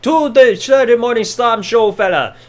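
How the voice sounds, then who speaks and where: A man's voice: extremely high pitch, normal speed. A man doing a mock Irish voice as a brash, cocky wrestler, drawling slangy catchphrases.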